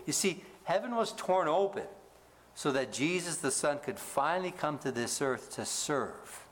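A male pastor preaching a sermon, asking the congregation to fill in words, rising for emphasis and dropping low to close each point. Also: sing-song, a little slow, fairly bright tone, slight background noise.

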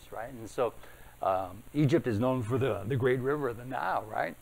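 A man's voice: medium pitch, moderate pace, vocal fry. A man preaching at an evening service, walking through scripture in a conversational way, often checking in with "right?" and reading verses aloud with more force. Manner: reads scripture louder and emphatic. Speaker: pastor. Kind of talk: Bible teaching.

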